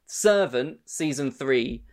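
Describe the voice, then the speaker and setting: A man's voice: medium pitch, expressive, slow. A man co-hosting a podcast in a rambling, jokey way, laughing along and losing track. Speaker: podcast co-host. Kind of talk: casual podcast chat.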